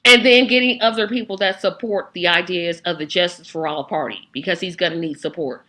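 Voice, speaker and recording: A woman hosting a casual political chat, animated and acting out the reactions she quotes. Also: on the low side, fairly quick. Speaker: host.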